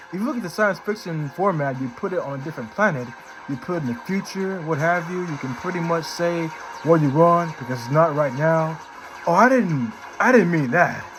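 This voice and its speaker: A man's voice: fairly high pitch, lightly acted, low-quality recording. A man doing an offbeat, drawling impression of a famous male movie actor while reading the actor's quotes. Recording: clear background music.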